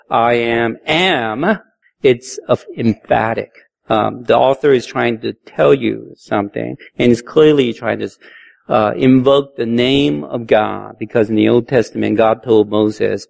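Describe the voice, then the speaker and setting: A man preaching a sermon, reading scripture aloud slowly and explaining its words with casual fillers. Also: mid-range voice, creaky, darkish tone. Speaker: pastor.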